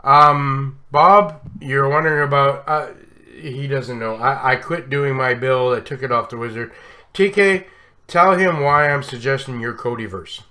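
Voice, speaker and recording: A man's voice: medium pitch, measured pace, bright, forceful tone. A man hosting a live stream, drunk and slurring, effusive and giggly as he rambles through casual chat. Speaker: live stream show host.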